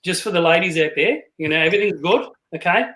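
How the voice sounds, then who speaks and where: A man's voice: sits high, fast, fairly bright tone, a little hiss or hum. A man of around fifty, a podcast guest, telling jokey stories with plenty of laughs over a video call. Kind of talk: casual podcast chat. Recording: roomy echoey call audio.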